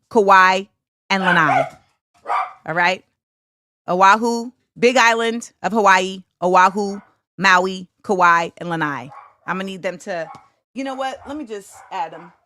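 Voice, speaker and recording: A woman hosting a casual livestream, chatting with viewers. She jumps between loud, excited exclamations and quiet muttering to herself. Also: mid-range voice, a little slow, slight background noise. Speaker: host.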